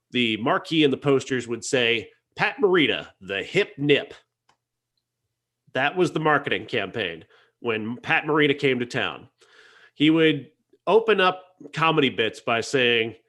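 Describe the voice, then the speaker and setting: A man's voice: medium pitch, fairly bright tone. A man reviews a film on a podcast in an earnest, conversational way. He often stops and restarts his sentences while he works through his thoughts. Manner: earnest, hesitant with many restarts.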